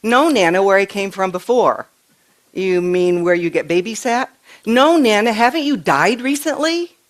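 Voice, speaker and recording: A woman's voice: mid-range voice, lively intonation, moderate pace, lightly acted. A woman voicing her precocious three-year-old granddaughter, who insists and patiently explains things as if they were obvious. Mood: insistent. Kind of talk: acted quote in a sermon story.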